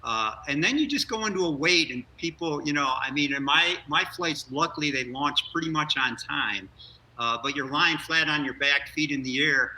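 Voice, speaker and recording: Older man, bright distant remote voice. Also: a little high, normal speed, slight background noise. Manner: earnest, energetic storytelling. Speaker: former astronaut guest. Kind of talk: live news interview.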